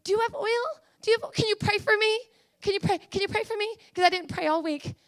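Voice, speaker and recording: A woman's voice: very high voice, quick pace, voice pushed up. A woman preacher voicing an unprepared young woman who anxiously begs a friend for oil and prayer. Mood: pleading. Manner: anxious, repetitive begging.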